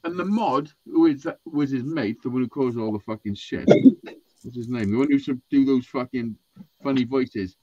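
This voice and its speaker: A man's voice: mid-range voice, moderate pace, crowd noise. A man telling a rambling, sweary story in casual podcast chat, acting out what people said. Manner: sweary, animated, acts out quotes. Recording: dull lo-fi sound.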